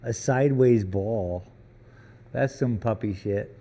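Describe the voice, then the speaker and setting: A man's voice: mid-range voice, moderate pace, a little mellow. A man chatting casually on a live stream from a gallery workroom, joking around and teasing his puppy between comments.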